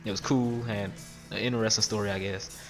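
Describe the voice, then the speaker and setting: A young man, rambling and swearing freely through casual let's-play commentary, his voice jumping up high whenever he mimics others. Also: a little fast, music in the background. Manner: rambling, profane, animated when quoting others. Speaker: gaming video host.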